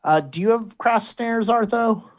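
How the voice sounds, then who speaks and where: A man acting as game master in a tabletop game, describing scenes and calling for rolls in an animated way with quick restarts. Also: sits high.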